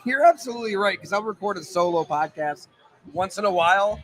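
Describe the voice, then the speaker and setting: A man's voice: high-pitched, expressive, a little fast, rough recording. A sports journalist, a man, chatting on a live podcast in a pizza bar, telling stories full of asides. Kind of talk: casual chat.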